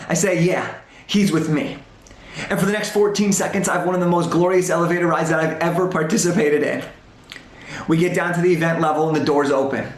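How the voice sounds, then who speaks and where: A young man giving a motivational storytelling talk to a school assembly, animated and using dramatic pauses. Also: a little high. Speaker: motivational speaker. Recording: roomy echo.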